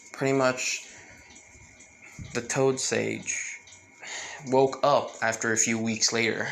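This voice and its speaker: A man's voice: medium pitch, creaky, fairly bright tone, slight background noise, poor audio. A man improvising a fan story, rambling with many fillers and restarts.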